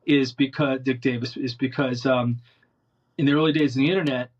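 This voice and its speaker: A male musician telling animated anecdotes in an interview, rambling with many restarts. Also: medium pitch, brisk, lo-fi sound. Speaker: interview guest, musician and producer. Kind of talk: casual storytelling in an interview.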